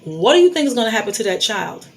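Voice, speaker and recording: A woman's voice: a little high, sing-song, fast. Emphatic woman giving blunt advice. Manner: emphatic, preachy, repeats key phrases. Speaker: vlogger giving life advice. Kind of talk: candid advice monologue.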